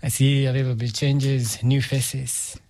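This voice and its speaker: A man's voice: mid-range voice, flat delivery, a little slow, mellow. A man who works as a radio DJ, chatting casually on a live show in a studio with short, hesitant answers. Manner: laid-back, hesitant, short replies. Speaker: radio co-host and DJ.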